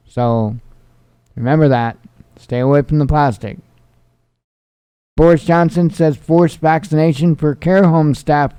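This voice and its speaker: A man's voice: fairly high pitch, dark tone, clean tone, no echo. A winded man hosting a news show, reading headlines aloud and adding dry, sarcastic asides between them.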